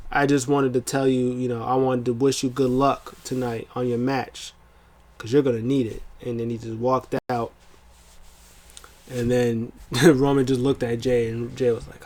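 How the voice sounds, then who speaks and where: A man casually recapping a wrestling event, rambling with fillers and jumping into excited bursts as he acts out the wrestlers. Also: mid-range voice. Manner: rambling with many fillers and restarts. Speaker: wrestling show reviewer.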